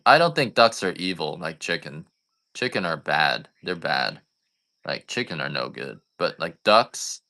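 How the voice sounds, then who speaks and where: A deep-voiced man selling coffee on a live stream, talking in a loose, casual way. His tone is bright and forceful, and he keeps sliding into rambling, joking rants. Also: big pitch swings, unhurried.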